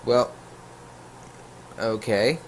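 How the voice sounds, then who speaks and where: A man narrates a storytime episode in a relaxed, joking way and keeps breaking off for asides and corrections. His pitch sits in the middle, and faint background noise runs under the voice. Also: extremely slow. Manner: jokey, full of asides and self-corrections. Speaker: YouTube storyteller.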